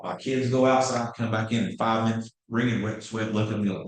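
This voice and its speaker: A man's voice: on the low side, fairly even intonation, a little fast, hardly any pauses. A man in his fifties giving a passionate, blunt real estate training talk. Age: 50s. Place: training room. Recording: very echoey room.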